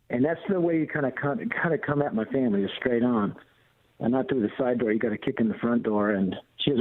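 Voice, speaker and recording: A man's voice: medium pitch, fast, no room sound. A middle-aged American man calling in as a radio guest, telling his family story in an emphatic, blunt way with a preacher's cadence. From United States. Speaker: guest, ministry leader and author. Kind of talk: personal testimony on a radio talk show. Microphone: phone call into the studio. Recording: tinny phone line.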